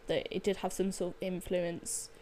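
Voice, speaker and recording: A woman's voice: on the low side, little pitch movement, moderate pace, darkish tone, a little hiss or hum. A woman artist in casual chat, talking in loose sentences full of fillers that often trail off.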